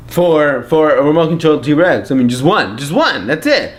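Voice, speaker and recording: A man's voice: medium pitch, expressive, brisk, hardly any pauses. Exasperated young man ranting comically. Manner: exasperated, repetitive, mock-indignant. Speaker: vlogger. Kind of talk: comedic storytelling rant.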